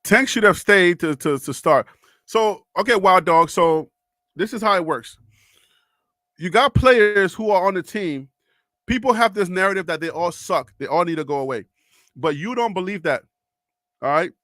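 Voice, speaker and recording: A man's voice: high-pitched, normal speed, pauses often, bright, forceful tone, dry recording, studio quality. A man from Brooklyn hosting a live stream, arguing back at viewer comments in casual chat. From Brooklyn, New York. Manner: argumentative, rebutting viewers.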